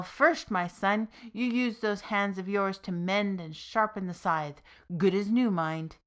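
A woman's voice: mid-range voice, a bit bright, natural voice. A woman voicing an elderly widowed mother who is fretful and bossy, in a storytelling podcast. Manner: raised, fretful, commanding.

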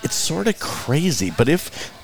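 A man being interviewed, telling theater anecdotes in a blunt, animated way, acting out other people's lines and swearing freely. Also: on the high side, measured pace, gravelly. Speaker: Broadway producer and director, guest. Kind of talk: casual interview storytelling.

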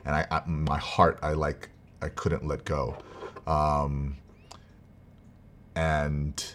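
A man telling a personal family story in a casual, rambling, earnest way. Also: a bass voice. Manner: rambling, earnest, with restarts and quiet laughs. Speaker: vlogger, father.

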